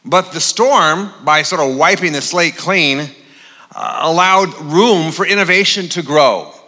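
A male pastor delivers a sermon with a bright, forceful voice and a somewhat high pitch. He talks in a loose, joking, conversational way, full of "uh"s, and a long reverb from the large church auditorium hangs on his words. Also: a little slow. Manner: conversational, humorous, with frequent fillers.

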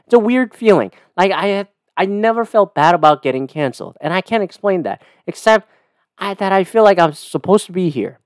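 A podcast host ranting casually and profanely, with heated, animated outbursts. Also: male voice, high voice, fairly quick, no room sound, studio quality. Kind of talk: casual solo podcast rant. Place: lives in a city condo.

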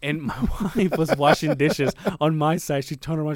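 A man's voice: fairly high pitch, moderate pace, few pauses, dry recording. A man in his forties co-hosting a casual podcast, telling stories with lots of swearing and acting out the people in them. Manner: animated storyteller, acts out voices, swears freely. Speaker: podcast co-host. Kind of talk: casual chat.

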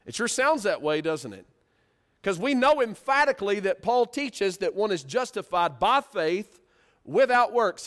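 A man preaching a Bible-study sermon, teaching with lively rhetorical questions. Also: high voice.

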